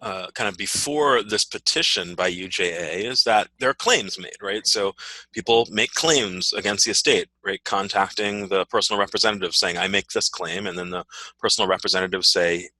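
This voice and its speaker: A man's voice: low-pitched, normal speed, bright, forceful tone, no echo, poor audio. A man teaching a law class, explaining procedure with frequent "right?" checks and fillers. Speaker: law professor.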